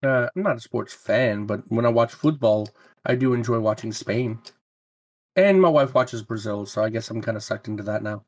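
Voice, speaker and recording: A man's voice: mid-range voice, moderate pace. A man co-hosting a podcast in casual chat, teasing and arguing with his friends. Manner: teasing, argumentative. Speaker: podcast co-host and streamer.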